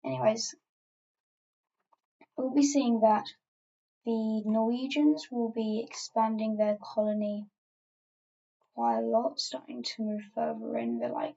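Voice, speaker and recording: A woman's voice: on the high side, fairly even intonation, measured pace, creaky, dark tone, lo-fi sound. A woman casually narrating an alternate-history map as she edits it, rambling offhand with lots of fillers and asides.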